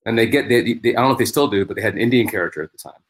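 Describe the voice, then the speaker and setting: A male comedian chats as a podcast guest, talking quickly. His voice sits fairly low. He tells stories in an animated way and often restarts his sentences. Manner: animated storyteller, many restarts. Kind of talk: casual podcast chat.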